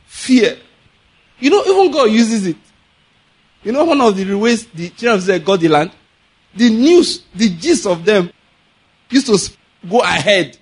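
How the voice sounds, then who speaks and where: Laughing Nigerian preacher. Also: male voice, high-pitched, unhurried, long pauses, slightly rough. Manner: animated, laughing often, acts out quoted voices with pidgin. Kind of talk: sermon with storytelling.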